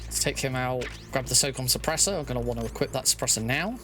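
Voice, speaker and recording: A young man talking through his own game speedrun live, chatty and quick to laugh, thinking aloud as he plays. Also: mid-range voice, sharp tone, faint music behind. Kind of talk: live gameplay commentary.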